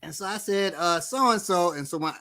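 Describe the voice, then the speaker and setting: A man's voice: high voice, moderate pace. A middle-aged man co-hosting a casual talk show, telling funny stories animatedly and laughing often. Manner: animated storyteller, laughs a lot. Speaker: podcast co-host. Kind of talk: casual chat.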